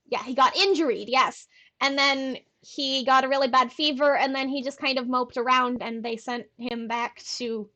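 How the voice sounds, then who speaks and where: A woman's voice: high voice, pushed and bright. A young woman streaming live, reading a novel aloud and breaking off for playful, giggly asides.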